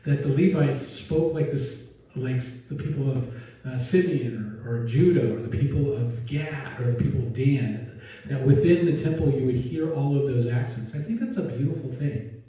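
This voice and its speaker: In a church sanctuary, a male pastor gives a conversational sermon that wanders, full of jokey asides and restarts. His medium-pitched, warm voice moves at a normal pace, captured by a distant mic in a very echoey room.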